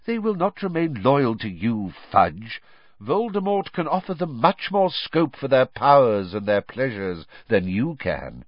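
A man's voice: medium pitch, no echo. Dumbledore, grave old wizard read by a man. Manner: steady, insistent, measured. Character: calm, grave old male headmaster wizard. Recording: dry, dull lo-fi recording.

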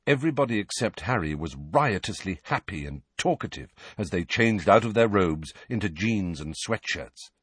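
A male audiobook narrator with a lowish, husky voice and animated, expressive delivery. The recording is dry and close-miked, with no room sound. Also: moderate pace, hardly any pauses, no room sound. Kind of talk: scripted narration.

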